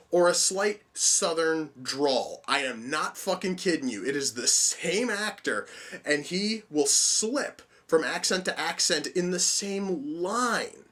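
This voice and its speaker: A young man talks through a movie review in a loose, unscripted way. His voice sits a touch high, and he swears often as he circles back and restarts his points. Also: a bit bright. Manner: profane, rambling, with frequent restarts. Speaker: film reviewer. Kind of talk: casual spoken movie review.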